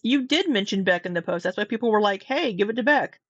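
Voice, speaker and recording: A woman's voice: mid-range voice, animated, quick pace, dry recording. Woman commentator, skeptical, questioning tone, dry lo-fi sound. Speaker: commentary youtuber. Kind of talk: reaction commentary.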